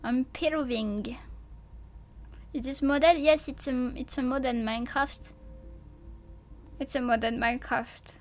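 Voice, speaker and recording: A woman's voice: high-pitched, fairly even intonation, slow, pauses often. A woman with a French accent giving live gameplay commentary as a streamer, jumpy and stammering, swearing and laughing often.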